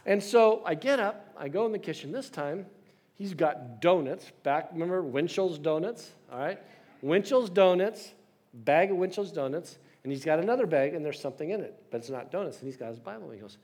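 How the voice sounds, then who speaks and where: A man's voice: a little high, animated, brisk, darkish tone, breathy edge. A man in his sixties preaching a sermon with storytelling and self-deprecating humor. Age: 60s. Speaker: pastor.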